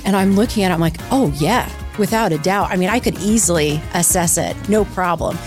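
A woman, a startup founder, answering questions in an interview in a lively, explanatory, conversational way. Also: fairly low pitch, a little fast, over music. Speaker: guest, startup co-founder and CEO.

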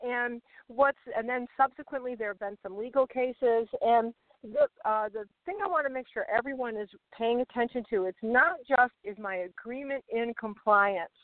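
A woman's voice: a little high, normal speed, dry recording. A woman calling in from a car by the roadside, explaining rules with frequent fillers and restarts. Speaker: regular guest on mortgage industry show. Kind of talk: casual update by phone. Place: car pulled over by a rural road. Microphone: cell phone. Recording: tinny phone line.

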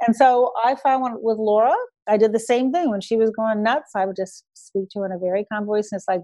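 An older woman, a guest in an interview, speaking in a measured, storytelling way. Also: on the high side, steady tone, warm tone, dry recording. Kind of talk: conversational interview.

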